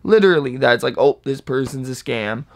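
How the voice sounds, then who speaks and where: A man's voice: medium pitch, fairly quick. A man hosting a reaction video, chatting casually and whooping at lines he likes. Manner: excitable, hypes bars with whoops and laughs.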